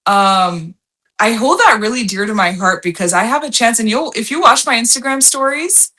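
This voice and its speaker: A woman's voice: fairly high pitch, sharp tone. A woman guest on a podcast, talking candidly and with emphasis in casual chat. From Armenian heritage. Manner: candid, emphatic, drawn-out phrasing. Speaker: podcast guest, slot content creator.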